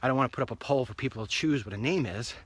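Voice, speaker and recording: Speaking very fast in a medium-pitched, slightly rough voice, a man hosts his own online show as he strolls along a street outdoors. His casual walk-and-talk monologue is rambling and upbeat, and the sound carries no echo.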